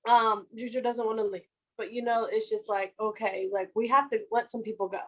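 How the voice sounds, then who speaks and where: A woman in her twenties, co-hosting a casual sports chat with chatty, animated talk and frequent laughs. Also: a little high, fairly quick, rough recording. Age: 20s. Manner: fan of the team, says "our defense". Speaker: podcast co-host.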